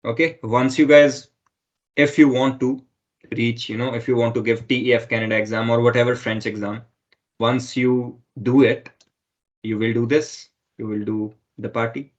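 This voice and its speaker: A man's voice: mid-range voice, level tone, moderate pace, muffled recording. A man teaching a French lesson online who explains step by step and keeps repeating himself with "okay".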